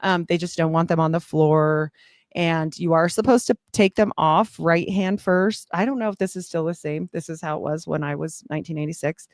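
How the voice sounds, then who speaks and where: A woman's voice: low-pitched, fairly even intonation, normal speed, no room sound, studio quality. A middle-aged woman giving a candid personal testimony in a chatty storytelling way, full of fillers. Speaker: guest sharing testimony.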